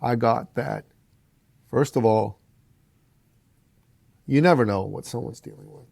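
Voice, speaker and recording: Man, podcast guest, gravelly, animated storytelling, dry room. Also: unhurried, no echo. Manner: animated storyteller, acts out quotes with big pitch jumps; addresses the listener as brother.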